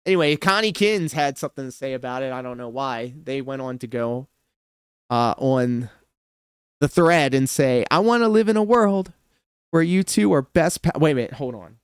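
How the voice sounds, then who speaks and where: A man hosting a livestream reaction show, commenting casually with sarcasm and sudden animated outbursts. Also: medium pitch, normal speed, smooth, no room sound, studio quality. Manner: animated, sarcastic, bursts into shouts and laughter.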